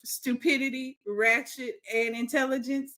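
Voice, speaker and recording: A woman's voice: high-pitched, little pitch movement, unhurried, fairly bright tone. Joking, opinionated woman podcast co-host. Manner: joking and opinionated, laughs often. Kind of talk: casual chat.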